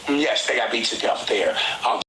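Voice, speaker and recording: A bright, gravelly man tells the story on his livestream in an excitable, profane rush. The room around him is echoey, with a faint hiss underneath. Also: medium pitch, moderate pace. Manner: excitable, profane, acts out quotes.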